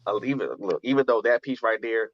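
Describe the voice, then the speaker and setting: Here a radio host and poet talks briskly in a fairly low pitch, reflecting earnestly and frequently starting his phrases over. Casual talk gives way to spoken-word poetry, recorded without echo and with the highs cut off.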